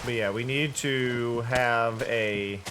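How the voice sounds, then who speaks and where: A man's voice: mid-range voice, steady tone, slow pace, noisy background. A tired-sounding man streaming a game, thinking aloud in casual commentary with frequent restarts. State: tired, yawning.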